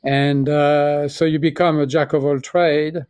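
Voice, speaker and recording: A man in his sixties with a French accent tells his story in a reflective, halting way, stopping and restarting his sentences. His voice sits a little high for a man. The sound is close and dry, with no room around it. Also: flat delivery, darkish tone, no echo. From France. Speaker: guest, pharmaceutical chief executive. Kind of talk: conversational interview.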